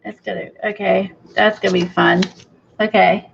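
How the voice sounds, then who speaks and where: Woman, chatty crafter, gravelly fry, dull lo-fi recording. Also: mid-range voice, little pitch movement, moderate pace, a little hiss or hum. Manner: chatty, gushing, thinks aloud. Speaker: craft video host. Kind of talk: casual crafting chat. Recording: dull lo-fi sound.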